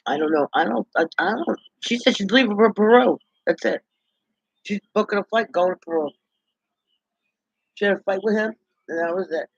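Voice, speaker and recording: A man's voice: high-pitched, moderate pace, creaky, pauses often, slightly rough, no room sound. A man in a rambling, indignant gossip monologue, talking to himself. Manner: chatty, indignant, talks to himself. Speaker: vlogger. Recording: dull lo-fi dry recording.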